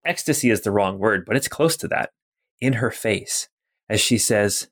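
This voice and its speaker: A man's voice: on the low side, lively intonation, moderate pace, a bit bright. A man running a tabletop role-playing game, describing scenes with small hesitations. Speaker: game master.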